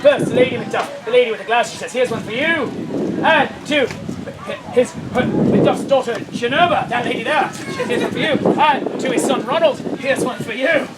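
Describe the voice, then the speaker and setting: A man performing playful, teasing comic narration for an audience-participation show, now and then bursting into shouts. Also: very high-pitched. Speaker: street theatre performer. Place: outdoor festival stage. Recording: loud outdoor crowd and noise.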